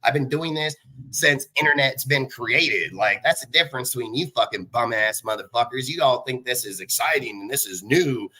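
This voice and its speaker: A man's voice: mid-range voice, lively intonation, bright, forceful tone. Fiery, profane man in his forties. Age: 40s. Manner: combative, swearing, blunt, boastful; rapid bursts of speech. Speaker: live show host. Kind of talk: profane angry rant on a livestream.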